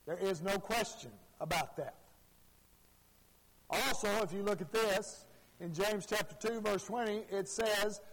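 A man preaching a sermon, emphatic, with deliberate phrasing that swells and drops. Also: high voice, a bit bright, in a large hall, low-quality recording.

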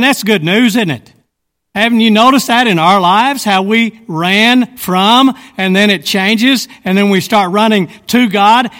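High-voiced preacher in a reverberant church. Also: male voice, a bit bright. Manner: preaching with rhetorical questions to the congregation. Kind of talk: sermon. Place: church sanctuary. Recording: long hall reverb.

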